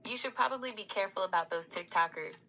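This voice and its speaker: A woman's voice: mid-range voice, fast talker, bright, forceful tone, highs cut off, a little hiss or hum. A female AI assistant voice answering politely and earnestly, sometimes borrowing a folksy drawl. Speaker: AI chat assistant. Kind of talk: AI voice answering on a livestream.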